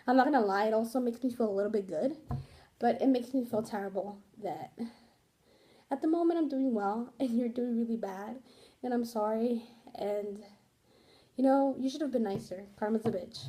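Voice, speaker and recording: Young woman rambling to her vlog, kinda high voice, soft and mellow. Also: normal speed. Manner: rambling, candid, swears casually, frequent fillers. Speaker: vlogger.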